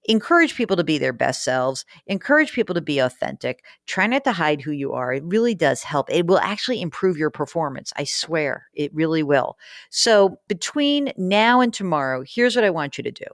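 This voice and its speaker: A woman's voice: low voice, very animated, normal speed, no echo, clean studio sound. A woman hosting a personal finance podcast, talking through listener letters in a frank, chatty, teasing way. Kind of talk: casual advice talk, reading listener letters.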